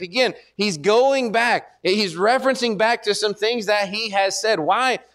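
At a measured pace with hardly any pauses, a man in a slightly bright voice preaches earnestly. He repeats words to build his point and pushes his pitch and force upward when exhorting.

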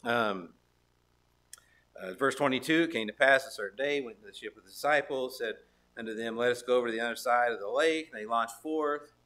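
A man preaching a sermon, reading Bible verses and turning them into conversational rhetorical questions, stopping now and then to clear his throat. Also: mid-range voice, fairly quick, fairly bright tone.

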